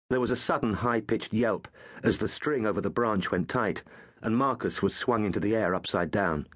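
A man narrating an audiobook with measured, expressive storytelling. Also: fairly low pitch.

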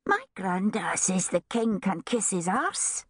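A woman's voice: mid-range voice, sing-song, takes it slowly, husky, no room sound, clean studio sound, exaggerated voice. A woman reading aloud, voicing a bold, blunt little boy in a storybook. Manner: blunt, matter-of-fact.

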